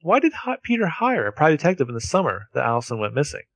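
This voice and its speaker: A man co-hosting a podcast, recapping a TV episode scene by scene as an animated storyteller. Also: a little high, fast, no echo. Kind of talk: casual chat.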